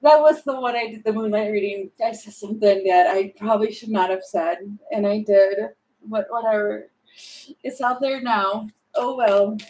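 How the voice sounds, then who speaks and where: A woman's voice: medium pitch, fairly even intonation, moderate pace, darkish tone, low-quality recording. A woman doing a casual, spontaneous tarot reading, thinking aloud, rambling and giggling as she goes. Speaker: tarot reader.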